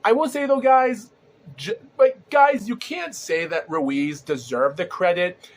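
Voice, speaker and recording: Excitable man with a sore, groggy throat. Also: high-pitched, a little slow. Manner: rambling, excitable, many fillers and restarts, laughs often. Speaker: podcast host. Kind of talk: solo casual podcast commentary.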